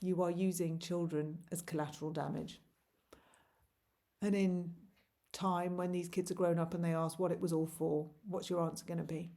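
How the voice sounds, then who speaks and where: A woman's voice: on the low side, little pitch movement, normal speed, dark tone. A woman in her forties, a parent vlogger, delivers an impassioned, pleading monologue to camera full of rhetorical questions.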